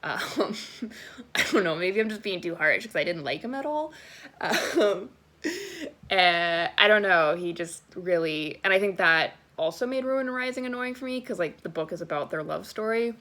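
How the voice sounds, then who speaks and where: Lively, sarcastic young woman ranting. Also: lowish voice, moderate pace. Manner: animated and sarcastic, heavy use of "like". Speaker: book vlogger. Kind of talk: casual ranting book review.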